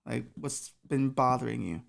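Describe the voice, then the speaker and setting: A woman's voice: a bass voice, moderate pace, vocal fry, full character voice. A woman voicing a crude, slangy male Jesus with a short temper. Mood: casual. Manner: slangy, swearing, rising to angry shouts.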